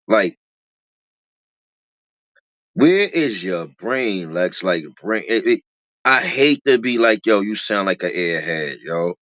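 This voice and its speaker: Slow-paced with long pauses, a reality show commentator talks casually in lively slang. Lines are repeated for emphasis, and the voice jumps up high whenever excitement hits.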